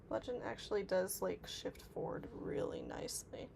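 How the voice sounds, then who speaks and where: Background noise runs under this woman's livestream as she chats casually and reads viewer comments aloud. Her mid-range voice is steady and creaky at a normal speed, and she uses plenty of filler words.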